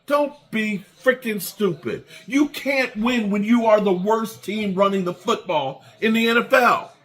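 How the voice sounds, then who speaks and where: A man's voice: high-pitched, moderate pace, fairly bright tone. A man hosting a fan channel, delivering an angry, repetitive rant with swearing.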